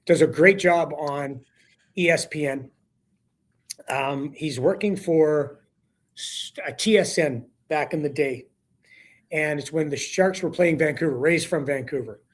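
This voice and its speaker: A man, a hockey broadcaster guest, telling a story on a talk show in an animated way and acting out quotes with a rising voice. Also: a little high, measured pace, pauses often.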